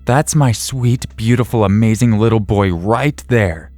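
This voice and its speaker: A woman's voice: rumbling low, moderate pace, dark tone, breathy edge, dry recording, faint music behind. A man voicing an obsessive young woman in her twenties who talks in a playful, sing-song way about a baby that isn't hers. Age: 20s. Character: obsessive young woman, falsely claiming a newborn.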